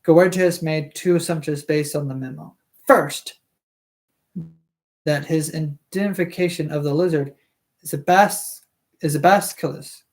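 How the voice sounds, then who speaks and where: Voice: medium pitch, a little slow, pauses often. A streamer reading a novel aloud live, tripping over hard words, correcting themselves, and breaking off for chatty asides.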